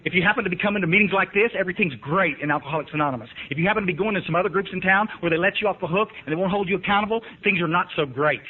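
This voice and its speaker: A man's voice: high voice, very fast, few pauses, breathy edge. A man telling his recovery story in a folksy, emphatic way, often asking the room if they follow. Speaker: recovery speaker. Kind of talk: recovery meeting talk. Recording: tinny lo-fi archive tape.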